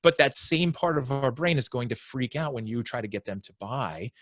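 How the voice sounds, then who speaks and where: Man explaining sales in a lively way. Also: medium pitch, moderate pace, dry recording, clean studio sound. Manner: animated explainer, acts out prospects' inner voices. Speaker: sales consultant, podcast guest. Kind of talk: conversational interview.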